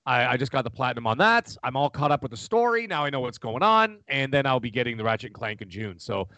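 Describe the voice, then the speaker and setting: A man, chatting casually as a podcast co-host, rambling and animated. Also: medium pitch, quick pace, no room sound, muffled recording. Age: 40s. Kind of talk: casual chat.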